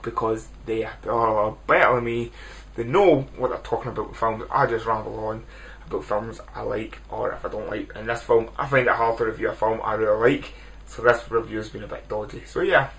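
A man's voice: mid-range voice, a bit bright, poor audio. A man in his twenties giving a casual, rambling video film review, often restarting and apologising. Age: 20s. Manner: rambling, self-deprecating, many restarts.

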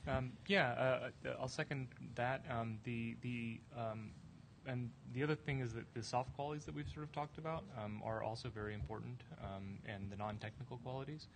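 A man's voice: medium pitch, fairly even intonation, a little hiss or hum. A man on a conference panel, a developer answering with many fillers and restarts. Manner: halting, heavy fillers.

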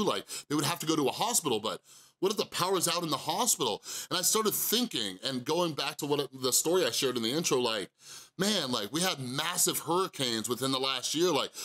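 A man, a vlog host, telling a story in a rambling, animated, conversational way with lots of fillers. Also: mid-range voice. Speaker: vlogger, channel host.

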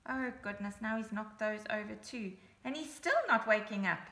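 A woman reading a picture book aloud to young children, with lively asides pointing things out on the page. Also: medium pitch, normal speed, few pauses, reverberant. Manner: animated, chatty asides to young listeners. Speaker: storybook reader. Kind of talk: children's story read-aloud.

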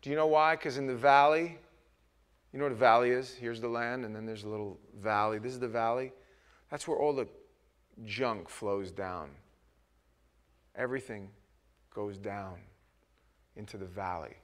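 A middle-aged man preaching a sermon as pastor, talking with the congregation and swinging between hushed asides and loud, emphatic bursts. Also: mid-range voice, normal speed, pauses often. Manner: conversational, asks the congregation questions.

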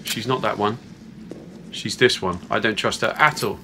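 A gamer plays through a horror game while giving casual, playful let's-play commentary and chatting to viewers. His voice is on the low side with fairly even intonation at a moderate pace, and there is background noise.

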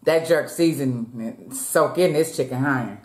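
A woman's voice: rumbling low, unhurried, darkish tone. A woman vlogger at home, chatting casually with her viewers while she eats. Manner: chatty, talks straight to viewers as "y'all", eats between words. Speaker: mukbang vlogger. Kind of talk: casual chat while eating. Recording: echoey room.

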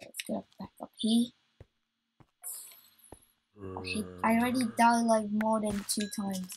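A woman's voice: medium pitch, flat delivery, moderate pace, vocal fry, long pauses, darkish tone, a little hiss or hum, low-quality recording. A woman hosting a let's play, chatting to herself as she plays and getting easily startled. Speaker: gaming channel host.

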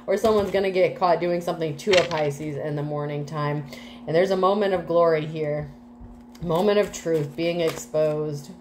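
A woman's voice: fairly low pitch, background noise. A woman doing a casual tarot reading, chatty and full of fillers, with some casual swearing. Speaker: tarot reader.

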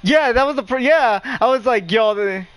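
A man's voice: very high-pitched, normal speed, clear, resonant tone. A young man streaming a game live, chatting casually with friends, swearing and laughing often. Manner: profane, laughing, excitable banter. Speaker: livestreamer. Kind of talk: casual gaming livestream chat.

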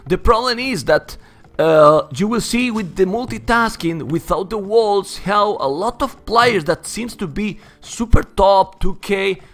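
A man with a Spanish accent, Spanish as his first language, giving excitable live commentary on a strategy game and calling everyone "man". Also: high voice, creaky. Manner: excitable, keeps saying "man", surges into shouts when hyped. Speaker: esports caster.

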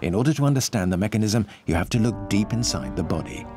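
Male documentary narrator, lower register, measured explainer, light music bed. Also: expressive. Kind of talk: scripted narration. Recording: faint music behind.

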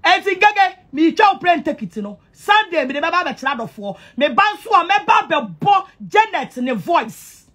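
Ghanaian woman with a high voice, a mocking and repetitive sing-song taunter to camera. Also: a bit bright.

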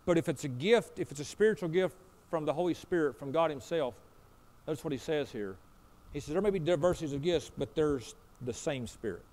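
Folksy pastor, higher-pitched man. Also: lively intonation, a little fast, darkish tone. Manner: storytelling, acting out both sides of a conversation; folksy, repeats "I said" and "he said". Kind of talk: sermon.

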